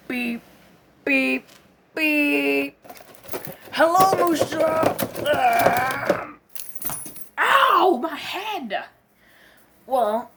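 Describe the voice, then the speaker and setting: A woman performing a comedic skit, voicing quarrelling characters with cursing, yelps and shouting outbursts. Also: a little high, breathy edge.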